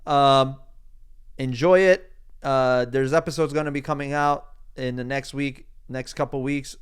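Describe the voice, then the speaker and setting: Smooth-voiced man hosting a rambling podcast. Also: medium pitch, flat delivery, normal speed. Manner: rambling, upbeat, frequent restarts, swears. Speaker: podcast host. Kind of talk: casual solo podcast monologue.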